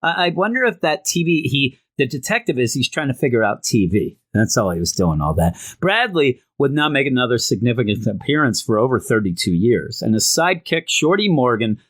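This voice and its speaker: A man casually reviewing an old comic book, rambling and retelling the story with animated asides. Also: medium pitch, fairly quick, few pauses.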